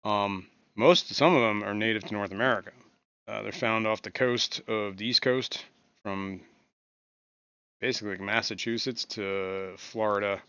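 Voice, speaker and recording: Low-ish guy chatting on a home fish room stream, mumbly asides, dry dull lo-fi mic. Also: fairly even intonation, moderate pace, a bit bright, smooth, no echo. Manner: rambling, muttered asides, many fillers. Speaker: livestream host. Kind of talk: casual livestream chat.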